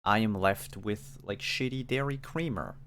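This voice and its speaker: A man's voice: lowish voice, unhurried, fairly bright tone. A man voicing an irritable male scientist who grumbles sarcastically about losing his experts. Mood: worried.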